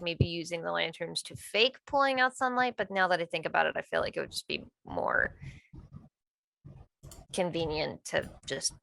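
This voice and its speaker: A woman's voice: fairly low pitch, gravelly, pushed and bright, dry recording, rough recording. A woman playing in a tabletop game, chatting and thinking aloud about her plans. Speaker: player. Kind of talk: casual chat at a tabletop game.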